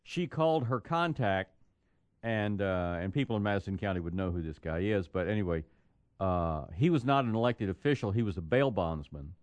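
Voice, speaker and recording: Animated male morning radio host. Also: deep voice, moderate pace, dry recording, muffled recording. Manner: rambling storyteller with restarts. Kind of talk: casual morning radio chat. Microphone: studio microphone.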